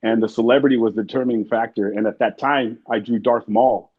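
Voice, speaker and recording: A husky-voiced man rattles through his stories at a quick clip, rambling and swearing as he acts out the people in them. The sound is a bit muffled and lo-fi, like a modest interview recording. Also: mid-range voice, fairly even intonation. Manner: rambling, profane, acts out quotes. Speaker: interview guest. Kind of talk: casual storytelling.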